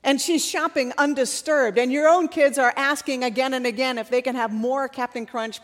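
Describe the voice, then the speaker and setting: A woman preaching a sermon and reading scripture, her delivery swinging from hushed to loud. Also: a little high, fairly even intonation, brisk, hardly any pauses, in a large hall.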